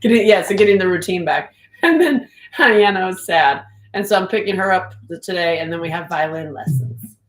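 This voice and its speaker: A woman's voice: lowish voice, lively intonation, moderate pace, roomy sound, faint music behind, poor audio. A middle-aged woman hosting a casual livestream, chatty and joking as she reads comments aloud. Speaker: livestream host.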